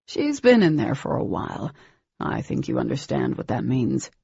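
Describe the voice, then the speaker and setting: A woman's voice: extremely low pitch, wildly swooping pitch, moderate pace, gravelly, warm tone, slightly rough, no echo, highs cut off, full character voice. A woman voicing a cold, smug older male villain.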